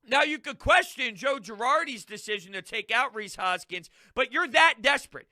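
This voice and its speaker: A young man hosting a fan video, ranting loudly and with exasperation as he recaps a baseball game. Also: very high voice, animated, normal speed, few pauses, no echo. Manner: exasperated, loud, frequently shouting. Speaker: sports fan video host.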